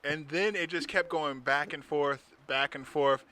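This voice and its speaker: A man's voice: fairly high pitch, a little slow, pushed and bright. A man co-hosting a casual podcast at home, talking animatedly and acting out movie lines in playful voices. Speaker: podcast co-host. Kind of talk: casual chat.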